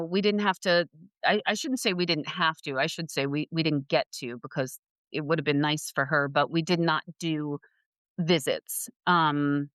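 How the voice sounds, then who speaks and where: Animated woman telling her story. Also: on the low side, smooth, no room sound. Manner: animated storyteller who acts out quoted voices. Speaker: podcast guest, voice actor. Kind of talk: personal storytelling in conversation.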